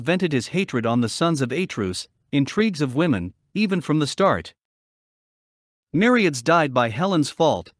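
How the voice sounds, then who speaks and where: A man narrating an epic poem as an audiobook in an expressive, dramatic reading. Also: a little high, no echo, studio quality. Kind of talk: scripted narration.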